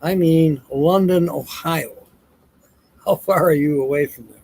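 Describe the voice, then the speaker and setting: A man's voice: a little high, unhurried, creaky, darkish tone, slightly rough, poor audio. A tired man hosting a casual livestream, telling jokes and reading viewer comments aloud with frequent chuckles. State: tired, yawning. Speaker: livestream host.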